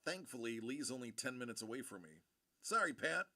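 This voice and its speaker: A man's voice: mid-range voice, sing-song, brisk, bright, forceful tone. A young man streaming late at night, sleepy and rambling in casual chat. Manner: drowsy, rambling.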